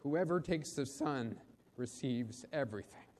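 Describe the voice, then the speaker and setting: A man's voice: mid-range voice, animated, unhurried, darkish tone, a little hiss or hum, voice pushed down, natural voice. A man voicing an auctioneer, a firm older man calling out bids and then making a grave announcement. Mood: solemn. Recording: long reverb of a big hall.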